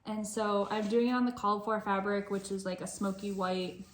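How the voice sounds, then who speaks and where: Relaxed woman in a roomy echo. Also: medium pitch, normal speed. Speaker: flosstube co-host. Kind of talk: casual stitching chat. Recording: roomy echo, faint background noise.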